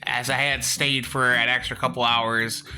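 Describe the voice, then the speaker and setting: Bright-voiced young man rambling a story. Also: mid-range voice, flat delivery, faint music behind. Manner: rambling, halting, with acted-out quotes. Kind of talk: casual storytelling vlog.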